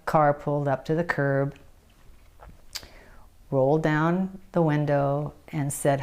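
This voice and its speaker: A woman's voice: sits low, fairly even intonation, slow pace, long pauses, a little mellow. An older woman interviewed for a news story, vividly retelling a personal ordeal and acting out what was said to her. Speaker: interviewee, survivor. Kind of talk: emotional personal recollection.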